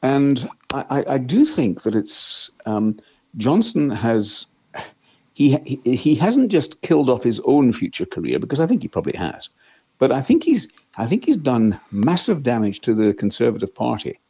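A man's voice: medium pitch, big pitch swings, moderate pace, a little mellow, breathy edge, no echo. A man who is an investment analyst, speaking as a guest in a casual interview, blunt and emphatic, often repeating words. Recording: dull lo-fi, dry sound.

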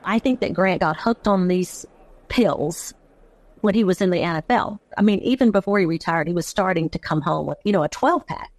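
A woman's voice: lowish voice, lively intonation, fairly quick, dry recording. Candid woman recalling her past. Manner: candid, laughs while telling hard memories. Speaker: interviewee, wife of a former football player. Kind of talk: personal interview.

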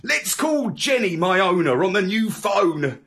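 A man voicing an excitable young dog in a storybook tale, speaking in a dramatic, yelping way. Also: sits high, unhurried, gravelly, heavily acted. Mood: fretful, eager.

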